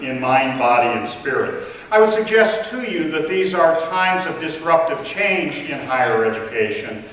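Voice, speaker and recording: A man's voice: on the high side, a bit bright. Man addressing an echoey hall. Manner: measured, with filler pauses. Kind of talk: formal conference address. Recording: echoey hall, distant mic.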